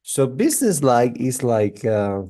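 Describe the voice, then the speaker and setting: A man's voice: medium pitch, sing-song, unhurried, mellow. A man giving a one-on-one English pronunciation lesson, patiently repeating example sentences with many fillers. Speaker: English tutor.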